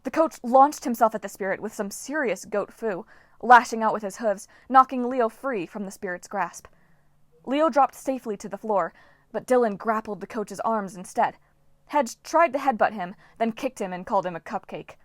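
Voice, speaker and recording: A woman narrating a novel as an audiobook reader, with a lively, dramatic delivery. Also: fairly high pitch, moderate pace, no echo, studio quality. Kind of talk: scripted narration.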